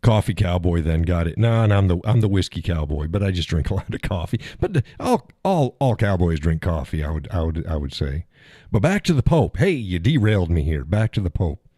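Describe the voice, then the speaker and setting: A man's voice: sits low, big pitch swings, fairly quick, mellow, dry recording, clean studio sound. A man hosting a casual livestream, rambling and chuckling as he answers viewers in the chat. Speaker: live stream host.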